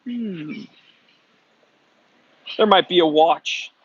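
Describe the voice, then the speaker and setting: A man's voice: sits high, extremely slow, breathy edge, highs cut off. A young adult man hosting a casual live stream, reading out viewer comments in an upbeat, chatty way. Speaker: host.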